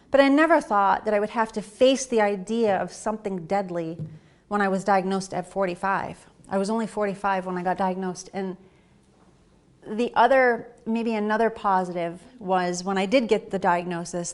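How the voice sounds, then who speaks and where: Woman telling her own story onstage. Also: medium pitch. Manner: animated storytelling, acting out her own quoted reactions. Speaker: speaker. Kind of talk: personal story talk. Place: stage talk.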